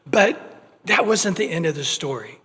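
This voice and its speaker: High-voiced animated pastor in a church hall. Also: male voice, measured pace, breathy edge. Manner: animated, acting out little everyday scenes; conversational, with restarts and repeated words. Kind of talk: expository sermon. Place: church sanctuary. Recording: long reverb of a church hall.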